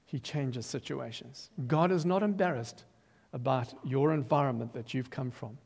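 A man's voice: medium pitch, normal speed, creaky, breathy edge. Older man preaching in a reverberant hall. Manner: animated storyteller, acts out quotes, bursts of loud emphasis. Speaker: preacher giving his testimony. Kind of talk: testimony sermon. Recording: long reverb of a large hall.

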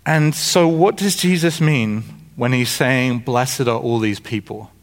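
A man's voice: mid-range voice, a little slow. A man preaching a sermon in a conversational, informal way, with frequent restarts and asides and jokes with the congregation. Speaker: pastor.

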